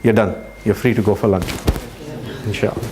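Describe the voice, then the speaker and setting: A man giving a religious talk, telling a story earnestly and slowing down for emphasis. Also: lowish voice, steady tone, crowd noise. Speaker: Islamic speaker.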